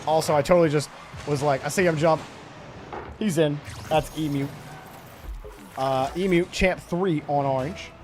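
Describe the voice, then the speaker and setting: A man's voice: on the high side, steady tone, moderate pace, a little mellow, soft background music. A man casting a live video game match, chatting and giving play-by-play. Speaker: esports caster. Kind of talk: live game commentary and chat.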